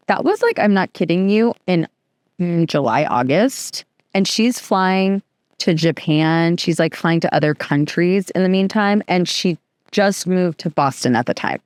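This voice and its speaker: A woman guest on a podcast, telling a story in a chatty, animated way with lots of filler words. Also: on the low side, normal speed, dry recording, clean studio sound. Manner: chatty, animated, fills speech with "like". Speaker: podcast guest, youth program co-founder. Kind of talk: casual interview storytelling.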